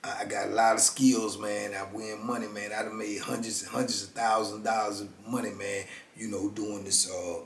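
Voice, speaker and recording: A slick card hustler with a New Orleans accent, sweet-talking and wheedling, as a man puts him on while telling a story. He speaks softly and a touch lower than the teller. The room around him has an echo. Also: little pitch movement, fairly quick, vocal fry, hardly any pauses, far from the mic, a little hiss or hum. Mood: boastful mumble. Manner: coaxing, calls you baby.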